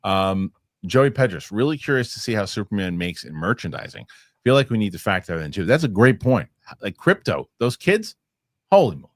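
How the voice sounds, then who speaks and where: A man's voice: lowish voice, a little fast, no room sound, studio quality. A man hosting a casual movie chat show, reading viewer comments and joking with his co-hosts. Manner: animated, acts out sketch voices. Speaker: host.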